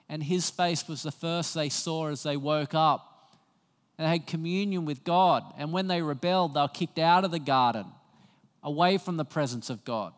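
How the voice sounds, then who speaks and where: A man's voice: fairly high pitch, big-room sound. A man preaching a sermon as pastor, talking to the congregation in a conversational way and weaving in personal stories. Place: church.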